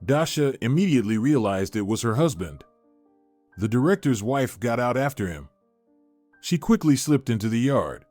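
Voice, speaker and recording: A man reading a dramatic story aloud in an even, measured storytelling manner. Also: medium pitch, no room sound, soft background music. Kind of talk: scripted story narration.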